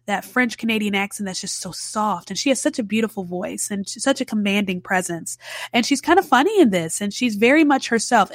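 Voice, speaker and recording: A woman's voice: medium pitch, no echo. A young woman from Louisiana hosting a podcast, giving a casual, chatty film review with sarcastic asides and plenty of fillers.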